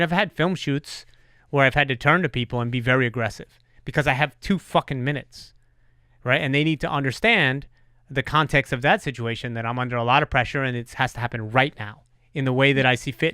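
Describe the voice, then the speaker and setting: A man hosting a podcast, telling stories in a casual, profane, animated way. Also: medium pitch, clear, resonant tone, dry recording, studio quality. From New York. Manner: animated storyteller, swears freely. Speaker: podcast host.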